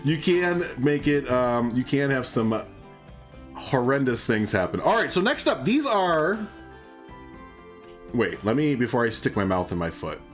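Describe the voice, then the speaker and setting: A man's voice: mid-range voice, big pitch swings, unhurried, soft background music. A man with a Southern US accent giving live gameplay commentary as a streamer, rambling, chuckling and poking fun at himself. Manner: rambling, chuckling, self-deprecating. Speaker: game streamer.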